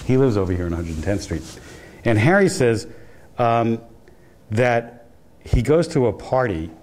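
With a fairly low, darkish voice and slight background noise, a male professor delivers a guest lecture in a university hall. His style is conversational storytelling, with sentences he keeps restarting.

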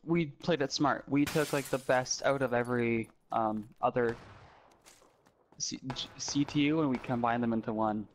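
A man from Canada rambling through his thoughts in a game voice chat, mid-pitched, with a soft hiss on the line. He makes jokes at his own expense. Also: moderate pace. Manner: rambling, self-mocking. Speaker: gamer in a voice chat. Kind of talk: casual gaming banter.

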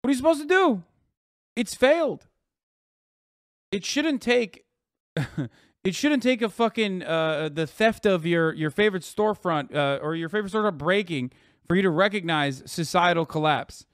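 A man's voice: high voice, animated, normal speed, dry recording, clean studio sound. A man streaming as host, giving profane heated commentary on a clip, ranting and firing rhetorical questions.

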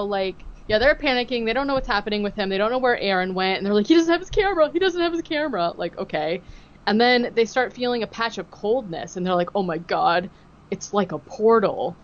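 In a casual podcast chat, a woman co-host animatedly retells a TV episode, acting out quotes and leaning on fillers like "like" and "um." She speaks at normal speed with a medium pitch, and the audio sounds dull.

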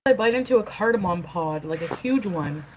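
A woman's voice: mid-range voice, lively intonation, normal speed, darkish tone. Woman food vlogger, talking through mouthfuls, trying to keep it together, faint hiss behind. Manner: talking while eating, strained by spice. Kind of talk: eating vlog narration.

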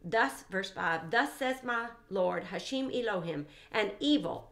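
A woman teaching a verse-by-verse Bible study in an emphatic way, repeating phrases for stress and breaking in with soft exclamations between readings. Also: mid-range voice, animated, measured pace, few pauses.

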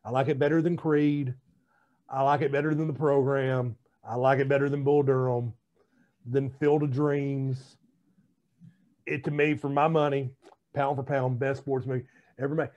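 A man's voice: mid-range voice, level tone, normal speed, a little mellow, dull audio. A man co-hosting a casual podcast, telling rambling stories in a chatty way. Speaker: podcast co-host. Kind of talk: casual chat.

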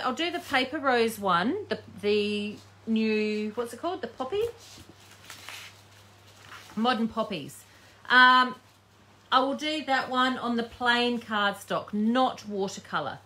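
A woman's voice: mid-range voice, fairly bright tone. A woman giving a live painting tutorial, chatting casually and thinking aloud as she works. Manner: chatty, thinking aloud while working, frequent ums. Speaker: craft demonstrator.

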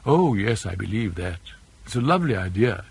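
A man reading an audiobook and voicing a whimsical, petulant young aristocratic male student, light and teasing in manner, with a husky voice. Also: fairly low pitch, sing-song, normal speed, no room sound, voice pushed down, heavily acted.

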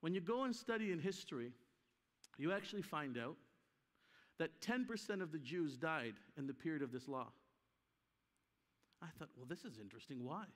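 A man's voice: a little high, expressive, normal speed, pauses often. A man preaching a conference sermon with emphasis, acting out the voices of people in his story. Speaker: guest preacher. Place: church hall. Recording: live hall with long reverb.

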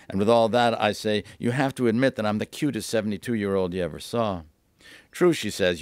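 A man reading aloud from his own novel at a bookstore event, lively, lifting his voice for the dialogue. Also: no room sound. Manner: lively, voices the dialogue with raised pitch and quick asides.

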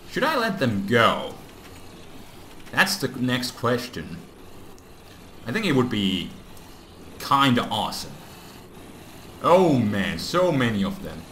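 A man talking through his gameplay in a bright, lively voice that swings up and down in pitch, breaking into exclamations and chatting at the mobs on screen. The recording sits in an echoey room with a faint hiss behind it. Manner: excitable, exclaims often, talks to game mobs. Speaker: gaming YouTuber. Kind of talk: casual Let's Play commentary.

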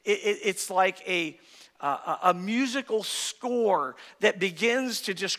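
A man's voice: high voice, expressive, takes it slowly, bright, forceful tone, long reverb tail. A male pastor preaching a sermon with great passion, his voice rising and dropping, recorded in a church sanctuary.

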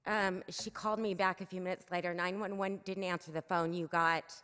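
Speaking briskly into a podium microphone, a middle-aged woman makes an emotional, urgent plea during public comment in an echoey council chamber. Her voice is on the low side, fairly bright and clean, with a flat delivery despite her earnestness.

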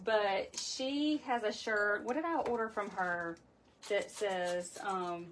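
A woman's voice: mid-range voice, takes it slowly, a bit bright, slight background noise. A woman hosting a chatty livestream wreath-making tutorial from her home craft room, greeting viewers by name as she works. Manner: talkative, chats with live viewers by name.

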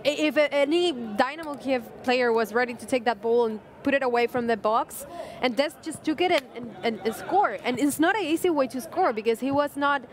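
A woman co-hosting live football talk teases her colleague and jumps in quickly as the play unfolds. Her voice sits a little higher than usual. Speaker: co-host pundit. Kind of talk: casual football chat.

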